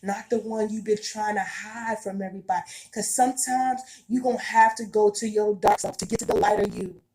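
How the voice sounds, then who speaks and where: A woman's voice: mid-range voice, fairly even intonation, fairly quick, a little mellow, slight background noise. A woman giving a heartfelt spiritual monologue to her viewers, earnest and emphatic, repeating herself in casual everyday speech. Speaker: spiritual vlogger.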